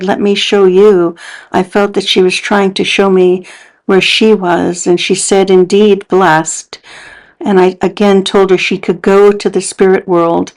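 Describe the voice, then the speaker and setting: A woman's voice: medium pitch, a little mellow, low-quality recording. A woman hosting a paranormal investigation video, narrating in an earnest, contemplative voice-over.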